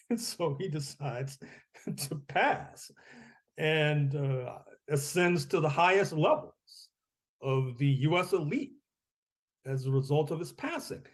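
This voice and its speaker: A man's voice: a little high, animated, slow pace. A man speaking as an author and guest on a podcast interview, discursive, often repeating his words and giving wry chuckles.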